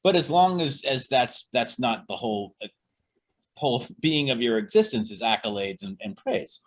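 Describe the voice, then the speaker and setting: A man with a husky voice co-hosts a loose podcast chat. He rants bluntly and curses without restraint. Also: mid-range voice, sing-song, normal speed. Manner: blunt, profane ranting. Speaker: podcast co-host. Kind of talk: casual chat.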